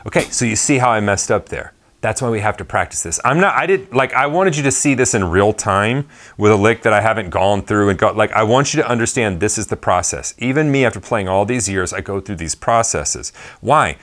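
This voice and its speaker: A man's voice: fairly low pitch, expressive, a little fast, a bit bright. A man giving a casual drum lesson at his kit, talking in a loose, chatty way with rambling asides. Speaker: drum teacher.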